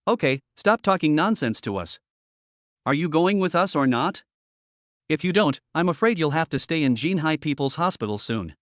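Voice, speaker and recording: A man's voice: a little high, lively intonation, normal speed, a bit bright, dry recording, studio quality. A man voicing a tattooed bald thug who is fake-friendly and menacing in an audio novel. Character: tattooed bald male thug, pushy and threatening.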